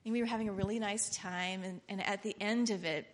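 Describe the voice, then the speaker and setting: A middle-aged woman giving a rambling, earnest, informal sermon that builds to loud, impassioned preaching. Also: mid-range voice, steady tone, fairly quick, slight background noise.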